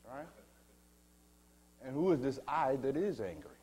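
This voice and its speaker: A man giving a spiritual teaching talk, slow and measured, asking his listeners rhetorical questions and calling them beloved. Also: medium pitch, big pitch swings, a little mellow, husky.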